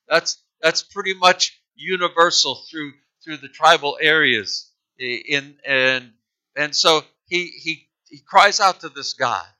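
Bright-voiced man preaching a story. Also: fairly high pitch, low-quality recording. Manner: earnest, halting with repeated restarts. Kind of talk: sermon storytelling.

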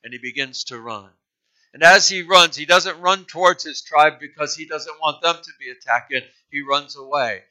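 A man telling a missionary story as part of a sermon, earnest and full of halting restarts. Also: on the high side, bright, forceful tone, poor audio. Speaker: preacher.

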